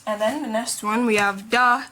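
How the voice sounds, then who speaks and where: A woman teaching a beginner language lesson, patiently repeating each sound slowly as she writes. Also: on the high side, fairly even intonation, sharp tone, a little hiss or hum. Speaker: Korean teacher.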